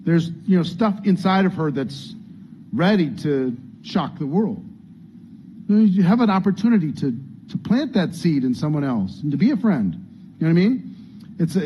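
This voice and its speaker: A man's voice: on the high side, very animated, brisk, a little hiss or hum. A man coaching a training group, earnest and conversational, acting out what people might say. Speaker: business coach. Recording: dull lo-fi sound, faint room ambience.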